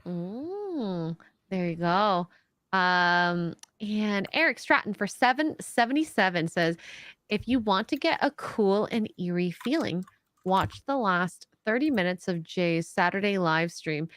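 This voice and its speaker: A woman's voice: medium pitch, animated, measured pace, fairly bright tone, dry recording. A woman co-hosting a podcast, chatting casually, reading out donation messages and laughing easily. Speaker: podcast co-host.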